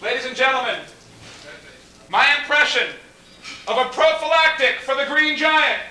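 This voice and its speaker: Very high bright showman, far off. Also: normal speed. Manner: showman patter, deadpan setups. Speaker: novelty bubble performer. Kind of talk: comic stage act. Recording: echoey room mic from far off.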